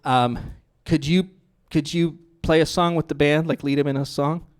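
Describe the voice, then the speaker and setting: Conversational, somewhat high-voiced male pastor. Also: moderate pace. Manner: conversational, lively and playful with the congregation. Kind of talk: sermon.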